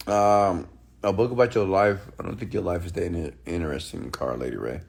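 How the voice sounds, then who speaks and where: Gravelly low-voiced man ranting bluntly. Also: brisk. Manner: blunt, profane, confrontational; reads and answers viewer questions. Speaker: entrepreneur mentor host. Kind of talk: late-night live-stream rant.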